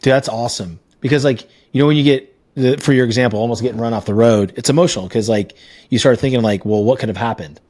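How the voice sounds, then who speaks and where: A man's voice: medium pitch, quick pace, a little mellow, no room sound. A man hosting a podcast, talking earnestly in a casual conversational way and telling stories with filler words. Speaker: podcast host.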